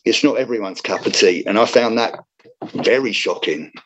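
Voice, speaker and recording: A man's voice: fairly low pitch, fairly quick, a little hiss or hum, poor audio. A man, a comedian chatting in an interview, rambling with many restarts. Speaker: comedian guest. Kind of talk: casual interview chat.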